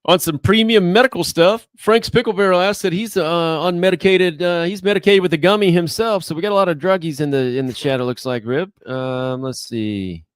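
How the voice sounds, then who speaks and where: A man co-hosting a live show, reading out viewer questions and chat messages in a relaxed manner. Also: high-pitched, a little fast, few pauses, clear, resonant tone, no room sound, studio quality. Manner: reads questions and super chats, easygoing. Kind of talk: casual live-stream chat.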